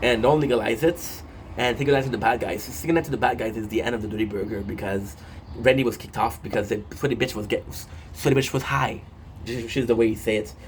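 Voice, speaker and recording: A man's voice: on the low side, fairly even intonation, quick pace, slight background noise. A man casually recapping a show episode on his phone, rambling with many fillers and restarts and swearing often.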